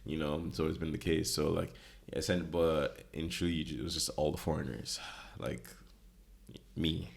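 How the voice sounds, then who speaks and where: Very deep gravelly young man. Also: fairly even intonation, normal speed. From Ireland. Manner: loose, rambling, swearing. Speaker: podcast co-host. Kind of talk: casual chat.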